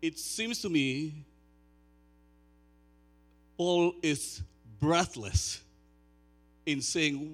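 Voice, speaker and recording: Pastor, 60s, male, slow unhurried sermon delivery with loud emphatic peaks, faint hum behind. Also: fairly high pitch, faint music behind. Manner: chatty asides to the congregation.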